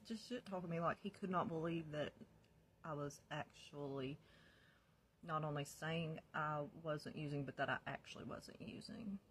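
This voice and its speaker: A woman's voice: low voice, moderate pace. Just a woman telling her story, blunt, swears a lot, laughs, faint hiss. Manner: candid, swears freely, laughs often. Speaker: vlogger sharing her recovery story. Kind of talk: casual personal storytelling.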